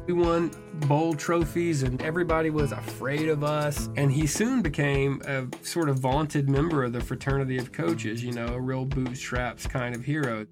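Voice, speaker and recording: A man's voice: mid-range voice, steady tone, moderate pace, few pauses. A man in his thirties telling a personal story in a wry, self-mocking, conversational way. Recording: music heard behind the voice. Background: music.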